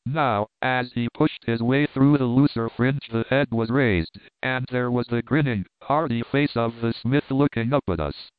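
A man reading a classic novel aloud with measured, even storytelling. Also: medium pitch, clean tone, dry recording. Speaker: audiobook reader. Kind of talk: scripted narration of a classic novel. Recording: tinny narrow-band, dry.

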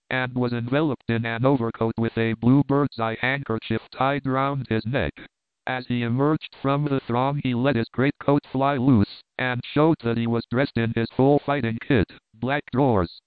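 A man narrates a classic novel in a measured, steady reading. His voice is smooth and resonant, heard over a narrow, phone-like line. The sound is dry and close with no room. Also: medium pitch, dry recording. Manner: measured, even storytelling. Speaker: audiobook reader. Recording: tinny narrow-band, dry.

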